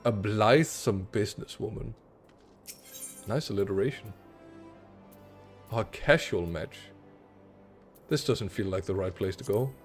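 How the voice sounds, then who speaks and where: A man's voice: on the low side, measured pace, pauses often. A man streaming a game, talking casually with sarcastic, muttered asides. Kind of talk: casual gameplay commentary. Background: game music.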